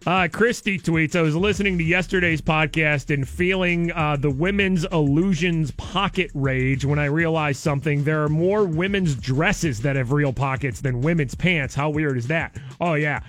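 A man's voice: a little high, moderate pace, hardly any pauses, a bit bright. A man hosting a radio show, talking in a casual, playful way and laughing often.

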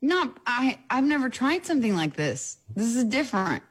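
A woman's voice: fairly high pitch, sing-song, moderate pace, breathy edge. A woman co-hosting a radio morning show, playful and laughing through studio banter. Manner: laughing, playful, self-teasing.

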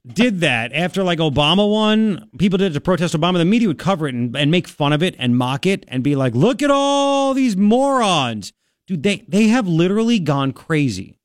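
A man's voice: fairly high pitch, dry recording, studio quality. A man hosting a talk show, casually and sarcastically commenting on clips he plays, laughing often.

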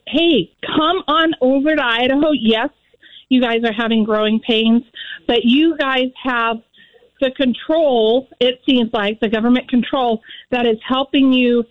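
Woman, radio caller, tinny phone line, highish voice, folksy, chatty. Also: measured pace, dry recording. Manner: chatty, folksy, laughs while talking. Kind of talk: call-in chat.

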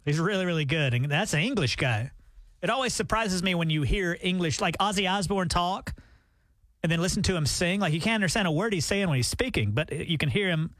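A man's voice: high-pitched, lively intonation, fairly quick, a bit bright, no room sound. A man co-hosting a morning radio show, chatting animatedly and acting out quoted voices. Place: radio studio. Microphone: studio microphone.

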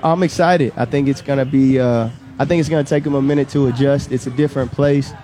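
A man's voice: medium pitch, fast. A man, a guest on a live radio pregame show, talking casually and often repeating himself. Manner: relaxed, repeats words, trails off. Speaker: guest, former player and high school coach. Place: outdoors on a restaurant patio.

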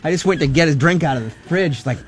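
A man's voice: fairly high pitch, quick pace, faint music behind. A man in a casual group chat, making teasing quips.

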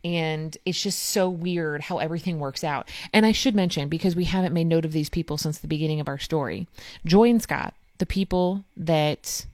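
A woman in her thirties, telling a family story in a chatty, animated way with fillers. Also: low voice, moderate pace, no echo, studio quality. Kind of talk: casual chat.

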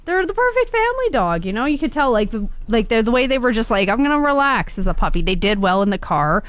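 Bubbly female guest, smooth clear voice, dry studio mic. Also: mid-range voice, expressive, quick pace, no echo. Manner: bubbly, chatty, laughs often. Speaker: animal shelter guest. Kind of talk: casual radio interview.

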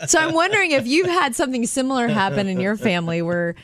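A woman's voice: a little high, fast. Chatty woman radio co-host. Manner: animated storyteller, laughs often. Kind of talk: casual radio chat.

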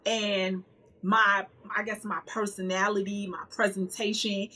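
A woman's voice: medium pitch, level tone, measured pace, pushed and bright, poor audio. A woman guest on an interview podcast, speaking candidly and emphatically about her life, with frequent laughter. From northern United States. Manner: emphatic, outspoken, laughs often.

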